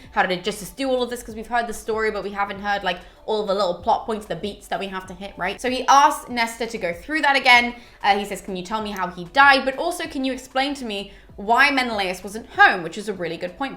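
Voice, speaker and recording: Fast-talking chatty young woman. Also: on the high side. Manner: gossipy, animated retelling with mild swearing. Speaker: literature educator. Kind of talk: casual chatty book summary.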